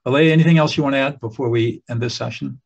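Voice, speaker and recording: A man telling a story in a relaxed talk, acting out the voices of the people he quotes. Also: medium pitch, fast, creaky, husky, highs cut off. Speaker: teacher of emotional skills.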